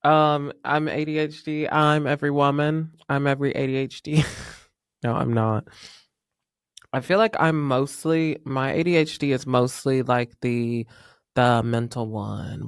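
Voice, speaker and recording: A man's voice: mid-range voice, steady tone, measured pace, smooth, no room sound, clean studio sound. A man, chatting emotionally and laughing as host of his solo podcast. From North Carolina. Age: 30s. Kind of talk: casual solo podcast chat.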